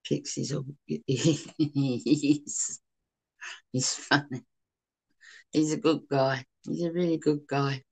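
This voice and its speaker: A woman with a Cockney accent co-hosting a live chat stream, talking casually and warmly to her viewers. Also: low voice, steady tone, slow, gravelly, pauses often, slightly rough. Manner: chatty, calls people sweetheart and darling.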